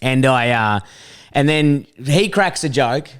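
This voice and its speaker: A man, a comedian, co-hosting a casual chat and telling stories in a rambling, animated way, swearing freely. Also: mid-range voice, takes it slowly, clean tone. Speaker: comedian and podcast co-host.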